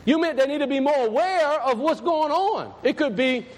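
A man's voice: very high voice, lively intonation, normal speed, long reverb tail, low-quality recording. A man, a pastor, preaching a sermon in a folksy, plain-spoken and emphatic way.

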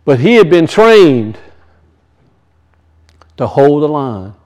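A man preaching an impassioned sermon in a church, repeating phrases and swinging between loud emphasis and quiet. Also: a little high, very animated, takes it slowly, poor audio. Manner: impassioned, repetitive, rising and falling emphasis.

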